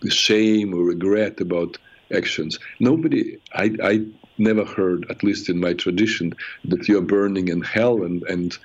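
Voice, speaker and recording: A man hosting a call-in advice show, speaking earnestly and reflectively with frequent halting restarts. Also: sits low. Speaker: radio show host and therapist. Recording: muffled radio broadcast sound.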